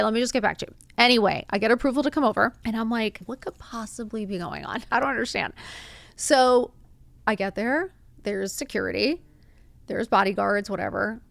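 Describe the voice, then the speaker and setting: A woman hosting a podcast, telling a personal story in a casual, animated way, acting out quotes and saying "like" a lot. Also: medium pitch, vocal fry, dry recording. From Miami. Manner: animated, acts out quotes, says "like" often. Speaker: podcast host.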